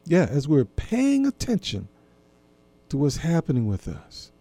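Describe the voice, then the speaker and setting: A man giving an earnest, gently instructive talk to listeners about marriage, often repeating himself. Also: a little high, huge pitch swings, measured pace, no echo. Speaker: marriage and intimacy speaker.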